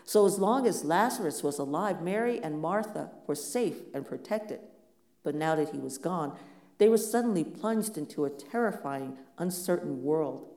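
A pastor preaching a sermon in a measured, reflective way, asking many rhetorical questions. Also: medium pitch, animated, darkish tone, roomy sound.

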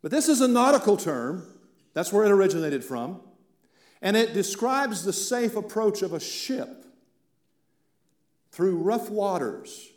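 A male pastor from central Appalachia preaching a sermon, swinging from loud declarations down to hushed, almost whispered lines. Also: sits high. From central Appalachia, Virginia and eastern Kentucky. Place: church sanctuary. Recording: echoey church room.

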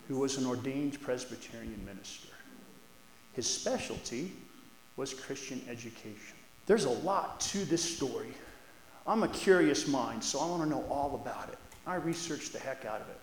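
A man's voice: medium pitch, slight background noise. A man who serves as a church elder, reading scripture and then preaching a sermon in a conversational, folksy and earnest way inside a church sanctuary. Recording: echoey church room.

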